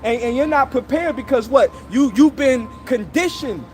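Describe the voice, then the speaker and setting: High-voiced man preaching on the street. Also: moderate pace, darkish tone, faint music behind. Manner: peppers every phrase with "all right?" and "okay?"; scolding, accusing listeners directly. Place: outdoors on a city street.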